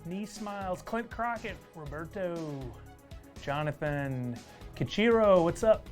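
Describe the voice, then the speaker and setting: A man's voice: high voice, expressive, slow, a little mellow, faint music behind. Upbeat man hosting a live stream. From Texas. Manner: upbeat, greets viewers by name. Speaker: livestream host.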